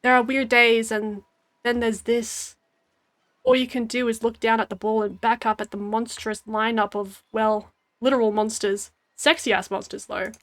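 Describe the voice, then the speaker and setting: A woman's voice: on the high side, flat delivery, moderate pace, a bit bright. An Australian woman in her twenties, a game streamer reading a dating game aloud with giggly, wry asides. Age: 20s.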